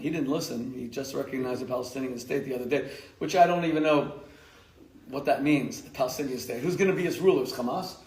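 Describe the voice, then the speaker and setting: Jokey rabbi in an echoey hall. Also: male voice, on the high side, a little fast, vocal fry. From United States. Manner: emphatic and jokey, mocking nicknames, laughing at his own jokes. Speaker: rabbi giving a lecture. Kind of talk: live lecture to a community audience. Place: lecture hall.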